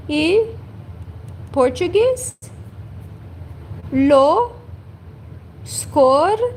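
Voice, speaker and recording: A high, lively woman teaches a livestream language lesson at a very slow, careful pace. She says each word twice and stops to correct herself. Faint traffic hums behind her.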